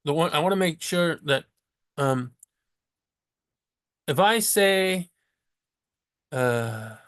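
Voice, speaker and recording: A man teaching Spanish in a casual way, chatty and correcting himself, who slows down to sound out each Spanish word. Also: fairly high pitch, lively intonation, fairly bright tone, smooth. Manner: chatty, self-correcting, laughs at his slips. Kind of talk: casual screen-share lesson.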